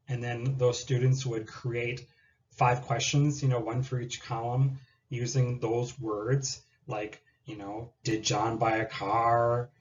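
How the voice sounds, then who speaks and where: A man presenting a lesson plan in a measured, explanatory way, sometimes modeling question intonation aloud. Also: medium pitch, a little mellow, lo-fi sound.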